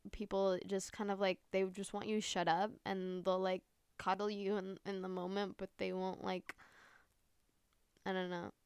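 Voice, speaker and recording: A young woman hosts a casual solo podcast from a room at home with the window open, rambling through her thoughts with many fillers and casual swearing. Her medium-pitched voice is clear and resonant, with no echo and clean studio sound.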